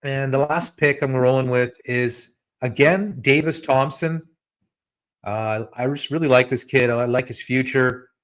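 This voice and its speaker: A man of middle pitch hosting a podcast in an easygoing, conversational way. He talks loosely and chattily, turning now and then to his co-host as he goes. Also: a little slow. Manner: relaxed and chatty, addresses co-host by name. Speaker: podcast host giving betting picks. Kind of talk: casual podcast chat.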